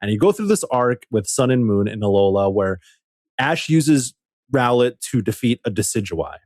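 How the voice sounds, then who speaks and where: A man co-hosting a podcast, telling a story in an excitable, animated way and swearing casually. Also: mid-range voice, normal speed, no room sound, clean studio sound. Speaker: podcast co-host. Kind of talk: casual chat.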